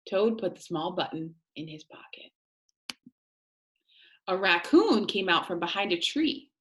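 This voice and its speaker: Woman teacher, reading aloud to students, gentle questions, slow, lively pitch.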